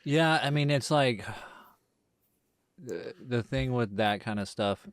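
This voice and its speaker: A man's voice: mid-range voice, slow, clear, resonant tone, no room sound, clean studio sound. A man co-hosting a film podcast, chiming in casually, often restarting and repeating himself as he makes a point. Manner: hesitant, repeats himself, chimes in. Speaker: podcast co-host. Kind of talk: casual film review chat.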